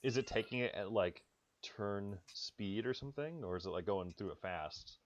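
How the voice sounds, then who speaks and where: A man's voice: fairly low pitch, expressive, normal speed, no room sound, highs cut off. A man chatting casually while playing a board game online, playfully offering jokes. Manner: playful joke teller. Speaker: board game player on stream. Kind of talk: casual game-stream chat.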